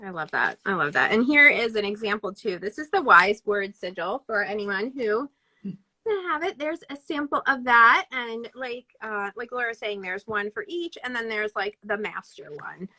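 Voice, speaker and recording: Woman interviewer, stuffy-nosed, enthusiastic, high lively voice, dry sound. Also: normal speed, no room sound, low-quality recording. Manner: enthusiastic, gushing praise. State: stuffy from allergies. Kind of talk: casual interview chat.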